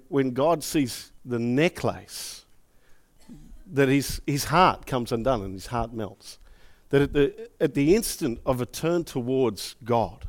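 A middle-aged man preaching a sermon, telling personal stories with emotion and acting out quotes. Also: medium pitch. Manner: emotive, animated storytelling with acted quotes. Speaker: pastor.

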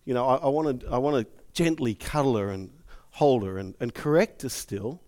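A man's voice: mid-range voice, moderate pace. A middle-aged man preaching a sermon, telling personal stories with emotion and acting out quotes. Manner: emotive, animated storytelling with acted quotes. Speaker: pastor.

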